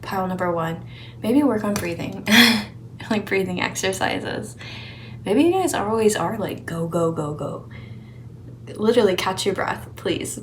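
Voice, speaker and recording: A woman's voice: medium pitch, lively intonation, a little slow, a little mellow, slight background noise. A young woman giving a casual tarot reading, chatty and encouraging, a little out of breath and laughing often. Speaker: tarot reader.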